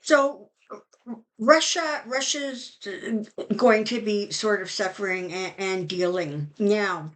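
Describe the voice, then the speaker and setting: Taking things slowly in a mid-range voice, a middle-aged woman reads tarot for her channel. The talk is casual and filler-heavy, and she doesn't hold back her strong opinions.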